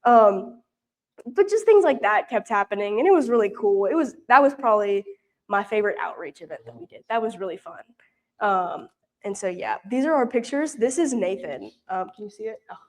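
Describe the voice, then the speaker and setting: A woman's voice: medium pitch, animated, fairly quick, darkish tone. A young woman from Louisiana giving a casual, rambling report at a church prayer meeting, full of fillers and restarts. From Louisiana, US South. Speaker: mission intern giving a report. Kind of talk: casual storytelling talk.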